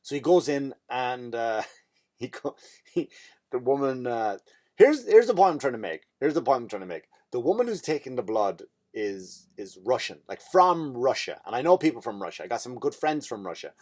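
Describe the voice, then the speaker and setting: An Irish comedian and podcast host telling a comic story in a rambling, profane way, often breaking off and restarting. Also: male voice, medium pitch, very animated, moderate pace, darkish tone. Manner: rambling, profane, self-interrupting.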